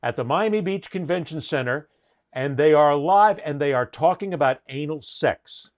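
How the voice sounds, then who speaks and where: A man's voice: fairly high pitch, lively intonation, moderate pace. A middle-aged man hosting a sports talk show, telling stories in an emphatic, indignant way. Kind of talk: casual panel chat.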